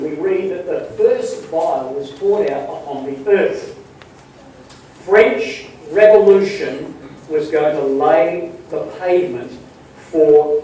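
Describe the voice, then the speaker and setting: A man's voice: on the high side, warm tone. A man giving a Bible study talk to a congregation, emphatic and rising to punch his key points. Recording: very echoey hall, distant mic, faint hiss.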